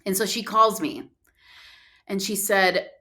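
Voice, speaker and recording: A woman guest on a podcast tells a winding personal story in a casual, animated way. Her voice sits mid-pitch and leaps up whenever she acts out what someone said, and she laughs often between lines. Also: slow pace. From United States. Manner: acts out quoted dialogue with big pitch jumps, laughs often.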